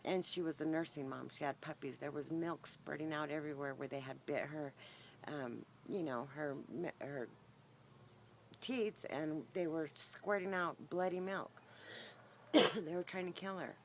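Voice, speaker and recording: A woman's voice: low-pitched, a little slow, a little hiss or hum. A woman vlogging outdoors on her phone without a clip-on mic, telling a long rambling story full of fillers, her voice a little shaky. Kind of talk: casual rambling vlog. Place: outdoors by the horses. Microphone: phone's built-in mic, no clip-on mic.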